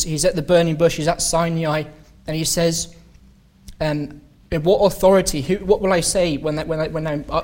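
A man preaching at a meeting, unhurried and halting, often restarting phrases and drawing out key words for emphasis. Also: fairly high pitch. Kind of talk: sermon-style Bible study talk. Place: meeting hall.

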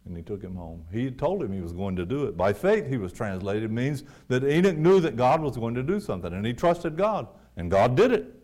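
A man preaching a sermon, rising to loud emphatic peaks and dropping to quiet, low asides. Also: sing-song, brisk, hardly any pauses.

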